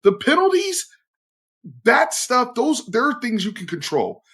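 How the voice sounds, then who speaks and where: A young adult man giving opinionated, blunt commentary as a sports host. He swears freely and swings between loud outbursts and low, emphatic asides. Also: huge pitch swings, a little slow, slightly rough.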